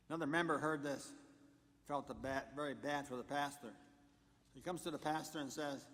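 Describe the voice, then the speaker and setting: A man's voice: on the high side, moderate pace, a bit bright. Man preaching with long church reverb. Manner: preaching with jokes and numbered points. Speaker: pastor. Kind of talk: sermon. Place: church sanctuary.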